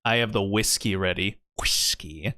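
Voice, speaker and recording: A man's voice: fairly low pitch, moderate pace, bright, forceful tone. A man streaming a game, breaking off into rambling, self-mocking asides between reading lines. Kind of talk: casual game-stream commentary.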